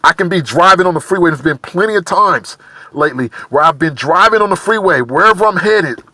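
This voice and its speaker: Emotional man, bright dry voice. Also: sits high, lively intonation, no echo. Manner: halting, repetitive, searching for words. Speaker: vlogger. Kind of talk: personal confessional monologue.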